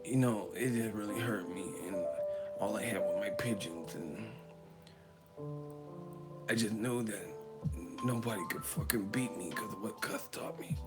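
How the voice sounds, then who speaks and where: A man's voice: fairly high pitch, steady tone, a little fast, over loud music, close to an everyday voice. A man doing an impression of a brash, rambling retired heavyweight boxer with a blunt, crude manner. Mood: mournful.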